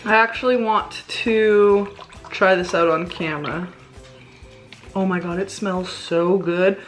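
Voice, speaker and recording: A woman's voice: lowish voice, fairly even intonation, slow pace, soft background music. A woman vlogging casually about her meals, chatty and rambling with lots of filler words. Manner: chatty, rambling with many ums. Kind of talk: casual food diary vlog. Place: home.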